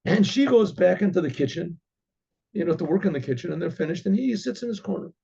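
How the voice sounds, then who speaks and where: Man, rabbi, storytelling, rambling, throat clearing, high gravelly voice, mellow tone. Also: expressive, fast talker. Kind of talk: oral storytelling. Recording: dull lo-fi recording.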